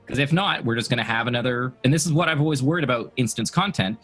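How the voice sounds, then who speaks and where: Husky-voiced man rambling on a podcast. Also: medium pitch, fast, fairly bright tone, soft background music, low-quality recording. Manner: rambling, repeats words while thinking. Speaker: podcast co-host. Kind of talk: casual gaming podcast chat.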